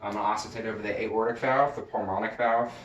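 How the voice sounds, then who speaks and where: Quick-paced and steady, a lowish male voice narrates a nursing student's head-to-toe health assessment, full of fillers and restarts. The audio is roomy from a far-off mic, with the highs cut off and a little hiss or hum.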